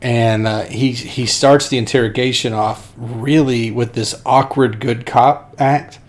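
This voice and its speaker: A man co-hosts a film podcast, walking through a movie scene in a chatty, storytelling way. He laughs often as he goes, and his voice sits at an ordinary middle pitch. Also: fairly even intonation, unhurried. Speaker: podcast co-host. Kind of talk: casual film discussion.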